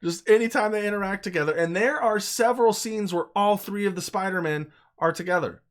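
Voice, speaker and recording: A man giving an unscripted, casual movie review, talking in an excitable, emphatic way, swearing freely and repeating himself for emphasis. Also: high voice, fairly quick.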